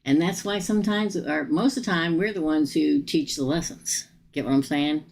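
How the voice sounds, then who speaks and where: A woman reading tarot on a live stream, chatty and animated, laughing often. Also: sits low, normal speed, slight background noise. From United States. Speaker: tarot reader.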